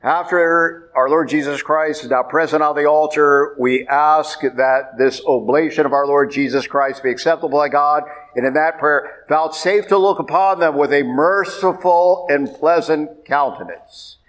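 A man's voice: fairly high pitch, a little slow, fairly bright tone. A man preaching a sermon as a priest, emphatic and repeating his points. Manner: emphatic, repeats points, rises sharply when pressing.

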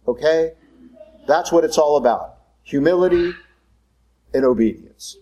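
A man preaching a sermon in a conversational, animated storytelling manner. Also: on the high side, normal speed, rough recording.

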